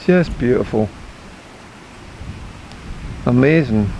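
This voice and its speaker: A man's voice: mid-range voice, animated, slow pace, creaky, mellow, muffled recording, slight background noise. An older man with a Scottish accent chatting casually to a handheld camera as he runs and walks along an outdoor forest trail, rambling cheerfully about the view. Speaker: vlogger. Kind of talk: casual walking and running commentary.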